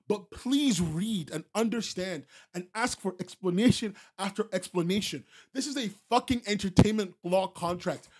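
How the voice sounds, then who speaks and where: A man hosting a livestreamed podcast, explaining contracts calmly, then breaking into loud, profane rants and laughing as he goes. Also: sits high. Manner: swings from calm explaining to loud profane ranting; heavy fillers and restarts, laughs often. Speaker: podcast host. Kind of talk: livestream commentary.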